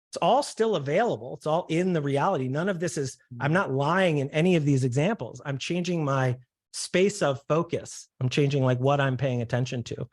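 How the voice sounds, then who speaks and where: Man, slightly higher voice, relaxed guest speaker, chatty and conversational, keeps asking "right?". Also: a little fast, dry recording, studio quality. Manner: casual, uses "right?" and "like" often, acts out quoted voices. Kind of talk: conversational talk.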